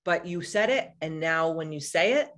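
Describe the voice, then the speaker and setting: Woman in her forties, spiritual coach, blunt and profane, animated live-stream chat. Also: sits low, moderate pace. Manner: blunt and profane, candid storytelling; animated, answers viewers by name. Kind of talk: casual live-stream talk to viewers.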